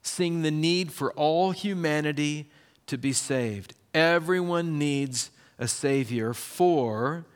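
Casting: pastor delivering a sermon, lively and chatty, slightly high voice. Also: male voice, smooth. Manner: lively, conversational preaching with quick bursts.

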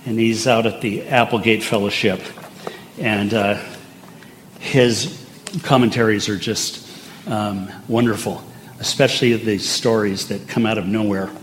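Older male preacher in a relaxed storytelling sermon, full of asides; faint background noise. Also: on the low side, unhurried. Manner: conversational and anecdotal, with asides. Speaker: pastor.

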